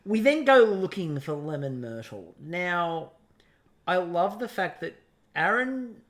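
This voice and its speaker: An Australian man chatting through a recap with a lively, swooping voice that sits a little high. He tells it like a story and acts out the quotes as he goes. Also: takes it slowly. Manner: animated storytelling, acting out quotes. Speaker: podcast co-host. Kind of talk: casual chat recap.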